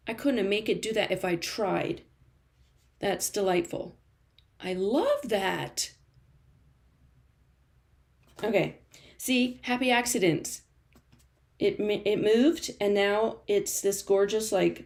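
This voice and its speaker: A woman's voice: medium pitch, a little mellow. A woman running a live-stream art journaling class from a studio, chatty and encouraging, laughing often and answering viewer comments as she works. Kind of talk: live-stream crafting demo.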